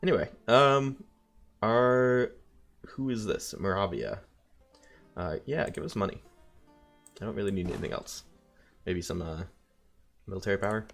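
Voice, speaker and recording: A man's voice: on the low side, lively intonation, moderate pace, vocal fry, long pauses, soft background music. A man casually commenting while playing a strategy game, thinking aloud with wry asides. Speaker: let's play host.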